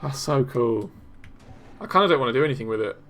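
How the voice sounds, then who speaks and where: A young man hosting a live developer stream, reacting excitedly to community builds while he plays and talks to chat. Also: medium pitch, fast, slight background noise.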